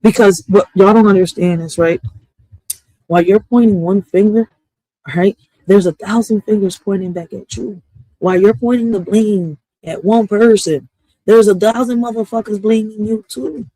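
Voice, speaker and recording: A woman streamer rants to her chat in loose, profane slang. Her delivery is animated and direct. The recording is dry and close, with no room sound. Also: mid-range voice, moderate pace, no echo, poor audio. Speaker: streamer and poet. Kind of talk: casual live-stream rant.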